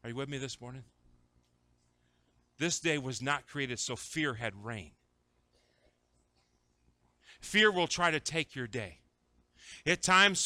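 A man preaching a sermon, shifting between conversational asides and shouted, dramatic retellings of scripture. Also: on the high side, no echo. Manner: acts out scripture voices dramatically. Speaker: pastor.

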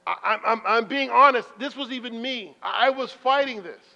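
A man with a high voice preaches in a church sanctuary. He tells his stories in a chatty, self-deprecating way and now and then breaks into loud bursts. The sound is muffled, with a long hall echo. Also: normal speed, creaky. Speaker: pastor. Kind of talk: sermon. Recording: muffled reverberant hall recording.

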